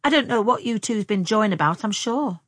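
A woman's voice: medium pitch, expressive, very slow, pushed and bright, no echo, clean studio sound, voice pushed up, exaggerated voice. A woman voicing a bossy scolding sister. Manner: scolding, emphatic.

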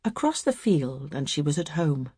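A woman narrating literary fiction in a measured, expressive reading. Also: low-pitched, slightly rough, dry recording, clean studio sound. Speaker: audiobook narrator.

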